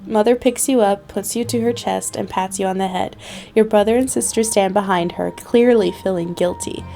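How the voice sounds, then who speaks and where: A woman's voice: medium pitch, steady tone, moderate pace, creaky, dark tone, faint music behind. A young woman hosting a gaming video, reading the story text aloud with playful asides. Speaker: gaming channel host. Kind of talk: let's play narration.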